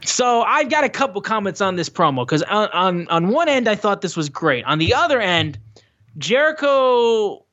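A man co-hosting a casual wrestling podcast, excitable and loose, with lots of swearing and "like" fillers. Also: high-pitched, moderate pace, few pauses, lo-fi sound. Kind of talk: casual chat recapping a wrestling show.

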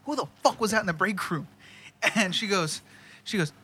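A man's voice: sits high, lively intonation, normal speed, bright, forceful tone, husky. A man, casually telling a profane work story with lots of quoted dialogue and laughter. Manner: laid-back, profane, laughs often, quotes people in dialogue.

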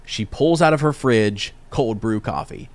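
A young man hosting a podcast, telling a casual story in an animated, rambling way with many restarts. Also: on the low side, a little slow, dry recording. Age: young adult. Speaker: podcast host.

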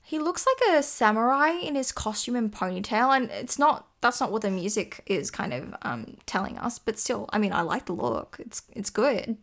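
A woman's voice: a little high, lively intonation, normal speed, hardly any pauses. A woman co-hosting a casual chat about figure skating, chatty and gushing with playful asides. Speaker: podcast co-host.

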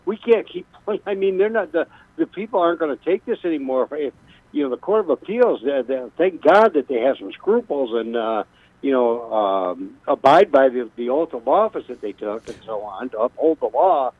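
A man's voice: medium pitch, expressive, dry recording. Male radio caller on a tinny phone line. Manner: halting, repeats words. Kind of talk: phone call to talk radio.

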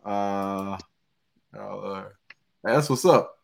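A man hosting a casual podcast, laid-back and quick to laugh as he wraps up the show. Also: lowish voice, gravelly. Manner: laid-back, laughs often, drawn-out sign-off. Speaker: podcast host.

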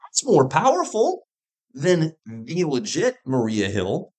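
A man co-hosting a casual podcast, talking about shows in an emphatic, animated way. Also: fairly high pitch, slow. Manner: emphatic and animated, stresses words for effect. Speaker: podcast co-host.

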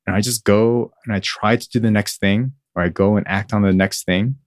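A man's voice: lowish voice, fairly even intonation, a little fast, no room sound, studio quality. A man talking as a guest in casual conversation, reflective and laughing now and then. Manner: reflective, laughs while he talks.

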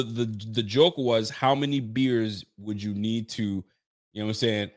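A man hosting a casual sports podcast, joking and laughing as he riffs with his chat in slangy talk. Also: medium pitch. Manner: talks to a live chat and audience. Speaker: podcast host.

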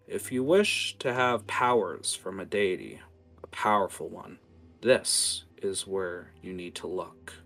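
A man voicing a calm, mysterious woman who deals in information, in a low voice. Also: takes it slowly, creaky, faint music behind, exaggerated voice. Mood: measured.

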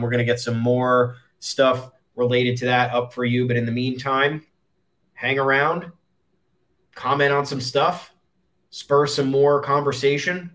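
A man's voice: medium pitch, a bit bright. A man co-hosting a casual sports podcast who sounds easygoing and mock-annoyed. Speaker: podcast co-host.

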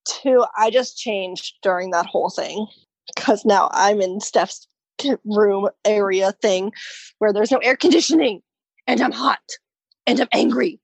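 A woman's voice: mid-range voice, a little slow, creaky, slightly rough, no echo, low-quality recording. A woman co-hosting a podcast, teasing and joking in casual chat. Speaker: podcast co-host.

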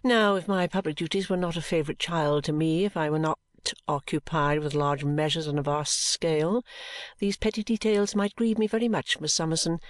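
A serene, self-absorbed mother speaks in a calm, clear voice , as a woman reader puts her on. She sits a touch low and unhurried, dismissing everything with composure. The sound is dry and close, with no room around it. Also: no room sound, lightly acted. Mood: serene, dismissive.

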